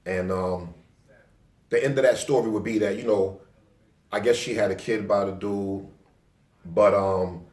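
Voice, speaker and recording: A man's voice: lowish voice, fairly even intonation, unhurried, long pauses. A young man, casually telling a personal story in loose, profane street talk. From Staten Island, New York. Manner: loose, profane street talk, acting out his own past lines louder. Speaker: vlogger. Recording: roomy, distant from the mic.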